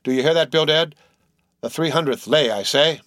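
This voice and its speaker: A man putting on a hot-tempered old sea captain, pushed up high and loud, bellowing outraged oaths. The storybook reading sits in a dry, close space. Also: normal speed, no echo, close to an everyday voice. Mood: blustering. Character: fiery old male sea captain, blustering. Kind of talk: audiobook character voice.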